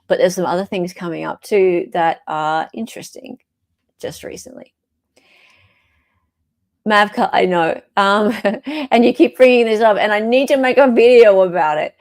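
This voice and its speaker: A woman's voice: medium pitch, a little mellow. A woman with an Australian accent hosting a casual chat show, reading through court records and thinking aloud with fillers and restarts. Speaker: podcast host.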